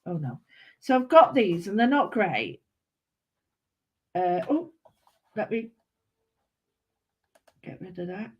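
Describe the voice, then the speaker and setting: A woman's voice: mid-range voice, very animated, slow pace, long pauses, breathy edge, highs cut off. A woman giving a chatty live craft demonstration, rambling and giddy, talking to her viewers with lots of exclamations. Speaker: craft tutor.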